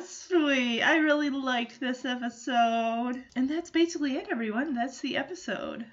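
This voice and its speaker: A woman's voice: fairly high pitch, normal speed, hardly any pauses, fairly bright tone, dull audio. A woman giving a casual, gushing recap of a TV episode, giggling and acting out the characters' lines.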